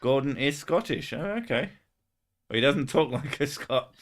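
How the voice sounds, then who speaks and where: A man's voice: medium pitch, lively intonation, normal speed. A young man hosting a casual stream chat, joking, swearing often and laughing between jokes. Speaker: streamer host.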